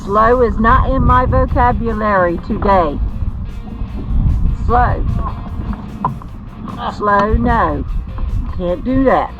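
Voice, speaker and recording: A woman's voice: a little high, slow, pauses often, music in the background. A woman bantering in a fussy, mock-angry way while paddling a kayak on a creek. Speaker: fishing video creator. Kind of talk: casual banter while fishing. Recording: muffled outdoor camera audio with water noise. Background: water and boat noise.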